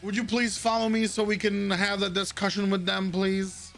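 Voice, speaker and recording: A man voicing a weary male city guard who speaks calmly and formally. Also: high-pitched, normal speed, gravelly, faint music behind. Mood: firm. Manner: calm, polite, formal.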